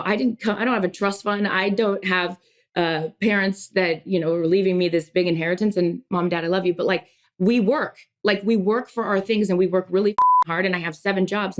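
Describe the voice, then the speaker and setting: Lowish voiced woman in her 30s on a podcast, emotional and rambly, keeps restarting. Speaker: podcast co-host. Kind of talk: casual podcast chat.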